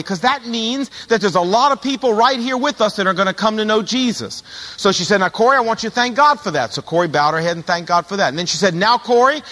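A man's voice: sits high, sharp tone, long reverb tail. A middle-aged male pastor telling stories in a sermon, animatedly acting out the voices of the people in them. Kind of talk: sermon storytelling.

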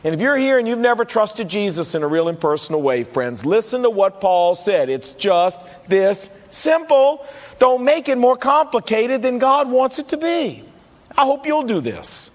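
Male pastor, very high voice, conversational sermon delivery, echoing church hall. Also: sing-song, moderate pace. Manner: conversational preaching, acts out listeners' questions.

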